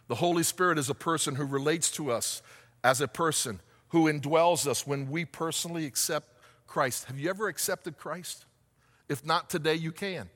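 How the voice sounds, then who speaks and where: A man preaching a sermon as pastor, asking the congregation questions and rising to shouts. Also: on the high side, normal speed, big-room sound.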